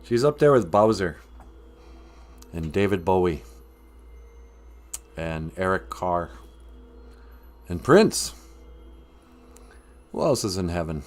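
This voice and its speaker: A man's voice: low voice, very animated, takes it slowly, pauses often, darkish tone. A man hosting a rambling comedic livestream, joking with his chat and laughing at his own jokes. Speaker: livestream host.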